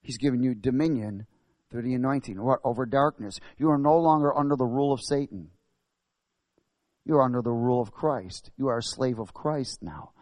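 A man preaching a sermon, asking the congregation questions and building to loud, emphatic bursts. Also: medium pitch, a little fast, no room sound.

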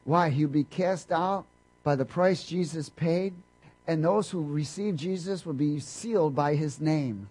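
A man preaching a sermon, quizzing his congregation and swinging between loud emphasis and hushed asides. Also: on the high side, a little slow, breathy edge, rough recording. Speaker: pastor.

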